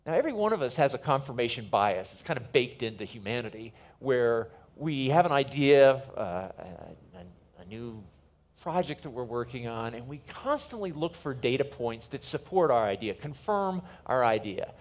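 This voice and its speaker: A middle-aged man giving a keynote talk to a live audience, emphatic and repeating key phrases slowly. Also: medium pitch, big pitch swings. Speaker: conference speaker.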